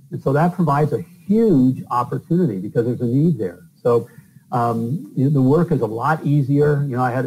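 A man's voice: medium pitch, vocal fry, darkish tone, slight background noise, low-quality recording. A middle-aged man from the northern US, a plumber and podcast host, telling stories in a loose, rambling way with lots of fillers. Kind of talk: casual storytelling interview.

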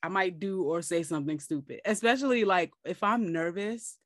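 A woman hosting a podcast, telling embarrassing stories in an animated, self-deprecating way. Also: lowish voice, normal speed, no echo, clean studio sound. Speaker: podcast host. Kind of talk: casual chat.

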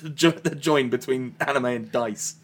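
A man's voice: medium pitch, moderate pace. A man, an easygoing podcast guest who laughs often in casual chat.

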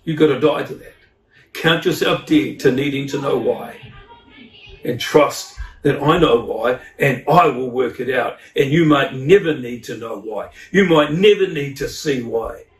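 A preacher voicing a quiet, gentle God. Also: male voice, medium pitch, unhurried, close to an everyday voice. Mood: calm, gentle. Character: calm, gentle voice of God, male. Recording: echoey hall, mic at a distance.

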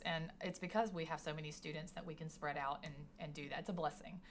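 A woman's voice: sits low, steady tone, fast, hardly any pauses, slight background noise. A woman teacher talking about her career tech classes in a chatty, enthusiastic podcast conversation. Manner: chatty and enthusiastic, many restarts.

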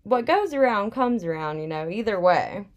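A woman's voice: medium pitch, animated, moderate pace. Chatty young woman telling a story. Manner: chatty, many "like" fillers, candid storytelling. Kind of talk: casual chat.

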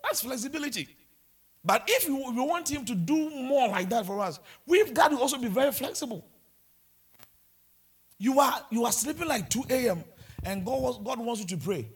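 Husky, animated male preacher. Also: extremely high pitch, moderate pace. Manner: animated storytelling preaching with stammered restarts. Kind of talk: sermon.

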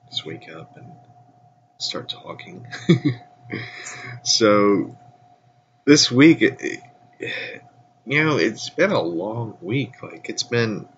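A man's voice: on the low side, fairly bright tone, dull audio, a little hiss or hum. A man hosting a casual solo podcast, groggy from just waking up, with a stuffy nose and a rambling way of talking that trails off. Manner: rambling, laughs often, trails off. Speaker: podcast host.

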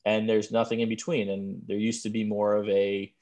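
A man's voice: fairly low pitch, flat delivery, moderate pace, darkish tone. A man co-hosting a podcast in casual chat, rambling and trailing off mid-sentence as he hunts for words. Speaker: podcast co-host.

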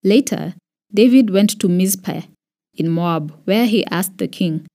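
A woman with a Kenyan accent narrating a scripture reading in a measured, expressive way. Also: medium pitch. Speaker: Bible reader.

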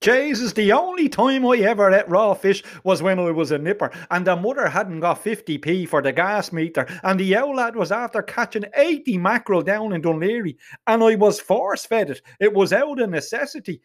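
Lively, foul-mouthed Dublin man telling a tale. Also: high voice, normal speed, few pauses. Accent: Dublin Irish. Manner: crude, swearing, lively. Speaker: narrator. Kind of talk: comic storytelling in character.

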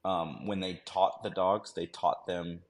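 A man's voice: low voice, steady tone, a little slow. A man, a former army dog handler, telling a war story on a podcast in a casual, slangy way full of fillers and "right?". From United States.

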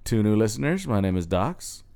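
Laid-back man with a gravelly, lively voice. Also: lowish voice, moderate pace. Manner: laid-back, joking, a bit rambling. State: tired, late at night. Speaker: podcast co-host. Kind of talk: casual podcast chat.

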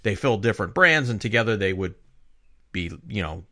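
A man's voice: lowish voice, lively intonation, a little fast, sharp tone, no room sound, studio quality. A man giving a casual opinion monologue, rambling and often correcting himself as he talks. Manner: rambling, self-correcting, conversational. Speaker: commentator.

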